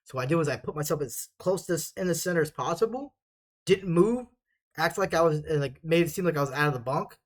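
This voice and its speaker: Talking fast in a fairly high, animated voice, a young guy who vlogs rambles through basic training stories. He swears a lot and keeps laughing along the way.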